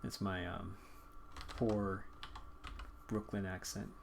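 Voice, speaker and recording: A man's voice: deep voice, takes it slowly, gravelly, background noise. Laid-back man chatting as he draws. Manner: relaxed, rambling, frequent filler words. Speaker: drawing livestream host. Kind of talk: casual chat while drawing.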